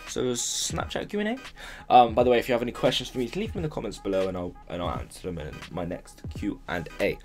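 A man's voice: deep voice, expressive, rapid-fire, hardly any pauses, darkish tone, faint music behind. A young man answering viewer questions in a casual vlog at his mother's home, rambling and joking, swearing and laughing often. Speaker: YouTuber.

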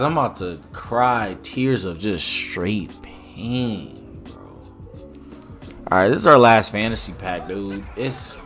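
A man's voice: fairly low pitch, fairly bright tone. A young man commenting on a game pack opening, rambling and joking, with slang and exasperated outbursts. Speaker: gaming YouTuber.

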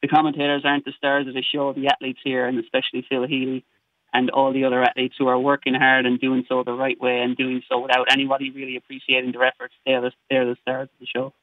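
A man's voice: medium pitch, monotone, quick pace, no room sound. An Irish man chatting as a guest on a phone interview, cheerful and self-deprecating. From Ireland. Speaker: guest commentator. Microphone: phone line. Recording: tinny dry phone line.

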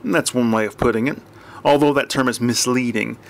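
A man's voice: medium pitch, fairly even intonation, brisk, gravelly, natural voice. A man voicing an earnest male novelist near sixty, searching for meaning, in an audiobook.

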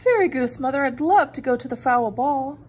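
A woman's voice: high-pitched, lively intonation, a little fast, husky, pitched above the performer's own voice. A woman voicing an earnest, eager young hen heroine in a storybook reading. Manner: eager, breathless.

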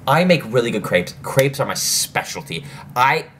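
Excitable, swearing young reaction host. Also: male voice, medium pitch, moderate pace, a little hiss or hum. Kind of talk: casual reaction commentary.

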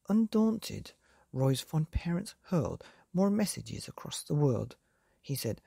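A woman reading a rhyming story aloud at bedtime, soft and half-whispered. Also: a bass voice, very animated, a little slow, gravelly, breathy edge, no echo, studio quality. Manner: soft, half-whispered, sing-song rhyme.

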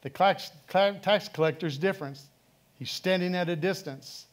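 High-voiced pastor preaching. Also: male voice, a little slow. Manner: emphatic, repetitive preaching with rhetorical questions. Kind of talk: sermon. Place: church sanctuary.

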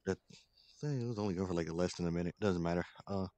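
Low-voiced man cursing through gameplay. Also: fast, warm tone, dry recording. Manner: profane, grumbling, irritated. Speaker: gaming streamer. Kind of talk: casual gameplay commentary.

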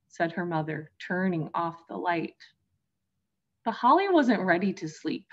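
A woman teacher reading a picture book aloud to young children, gently addressing them as friends. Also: on the low side, expressive, moderate pace, highs cut off. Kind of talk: storybook read-aloud for children.

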